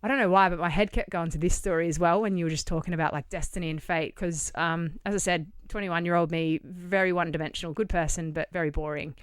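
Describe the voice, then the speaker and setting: Australian woman, low smooth voice, dry close podcast mic, blunt, swears freely. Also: fast, few pauses, no room sound. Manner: blunt, swears casually, animated storyteller. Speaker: podcast guest. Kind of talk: candid interview conversation.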